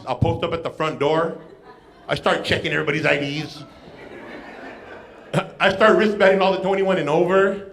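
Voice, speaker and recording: A man's voice: on the high side, fairly bright tone, slight background noise. A man doing a stand-up comedy set on a club stage, playful and self-mocking with punchy jokes. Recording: echoey club room.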